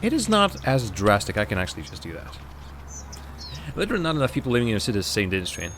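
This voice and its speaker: A man from Latvia, a native Russian speaker, streams live gameplay and thinks out loud. His voice sits somewhat low but swoops around animatedly as he rambles, restarts and talks to viewers. A faint hum of noise lies underneath. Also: big pitch swings, very fast. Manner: chats to viewers between game remarks. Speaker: livestreamer.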